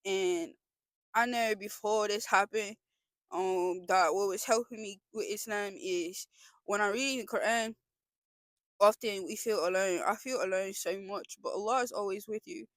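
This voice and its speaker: An earnest young woman speaks straight to her viewers in a casual confessional vlog, her mid-pitched voice rambling and circling back on itself as she talks through her feelings. The sound is dry and close, with little room around it. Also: unhurried, dry recording. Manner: earnest, emotional, rambling with restarts. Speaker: vlogger.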